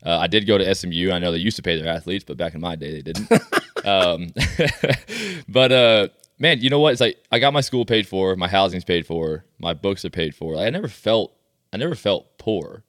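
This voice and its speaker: Very low-pitched male podcast co-host, chatty and pumped, dry sound. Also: moderate pace, a bit bright, no echo. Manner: enthusiastic, chatty, self-deprecating. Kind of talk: casual sports chat.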